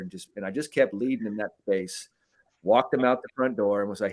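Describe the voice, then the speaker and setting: A man with a medium-pitched voice, talking a little fast, co-hosts a podcast as a mental skills coach. He tells a story casually and animatedly, swearing now and then and often checking in with "right?"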